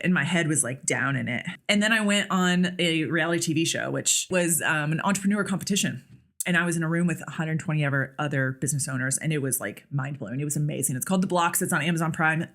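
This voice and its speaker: Woman, podcast guest, candid casual chat, lower-pitched voice, lots of fillers. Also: lively intonation, quick pace, fairly bright tone. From United States. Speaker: podcast guest, nurse practitioner and clinic owner.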